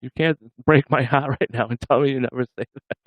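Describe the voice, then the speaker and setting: A man's voice: mid-range voice, steady tone, a little fast, no room sound, phone-quality sound. A man hosting a casual livestream, joking with viewers and laughing often. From Massachusetts. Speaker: livestream host.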